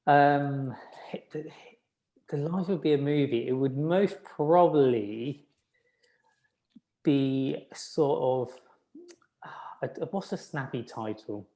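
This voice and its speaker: Relaxed man in his thirties. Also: medium pitch, slow, long pauses. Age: 30s. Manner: relaxed, self-deprecating, many restarts. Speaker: podiatrist guest. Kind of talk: casual interview chat.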